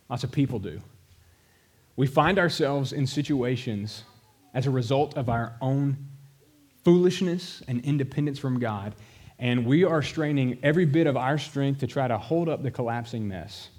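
A man's voice: mid-range voice, a little mellow, husky. A middle-aged pastor preaching a sermon, telling a story with emphasis and speaking directly to his congregation. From American South.

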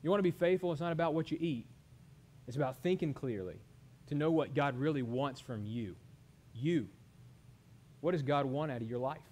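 A man's voice: a little high, normal speed, a little mellow. Earnest preaching man in his thirties. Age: 30s. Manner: earnest preaching with rhetorical questions to the congregation. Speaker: pastor. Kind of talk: sermon.

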